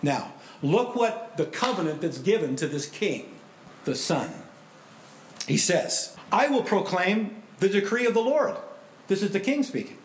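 A male pastor preaching a sermon, animated storytelling that swings between loud and hushed. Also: sits high, measured pace, reverberant, slight background noise.

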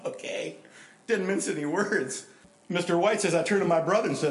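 Animated preaching man, echoey room. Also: high-pitched, fairly quick. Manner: animated storyteller, acts out quotes and shouts for emphasis. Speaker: pastor. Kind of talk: sermon.

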